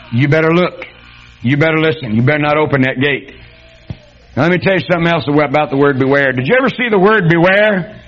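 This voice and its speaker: A man gives a sermon in a high, lively voice. He talks to the congregation in a folksy way and swings between loud exclamations and quiet, low asides. The recording sounds dull and muffled. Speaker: preacher.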